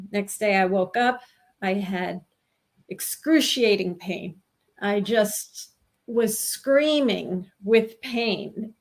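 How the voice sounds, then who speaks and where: A woman in her sixties from New York recounts a personal experience in an interview. Her voice sits somewhat high, and she speaks earnestly and haltingly, often breaking off and starting a sentence again. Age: 60s. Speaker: guest telling her experience.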